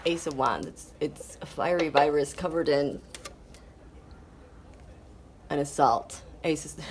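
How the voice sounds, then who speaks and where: A woman giving a solo tarot reading in a deliberate, measured way. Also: sits low, slight background noise. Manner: slow, deliberate delivery broken by fits of giggling. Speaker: tarot reader.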